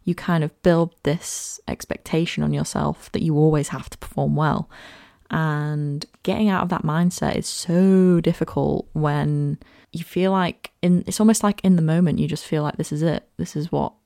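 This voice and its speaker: Girl early 20s doing a chatty podcast ramble, low-ish, lots of fry, dry sound. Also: steady tone, moderate pace, warm tone, dry recording. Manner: candid and reflective, chatty with many "like" and "you know" fillers. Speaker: podcast host. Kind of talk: personal podcast monologue.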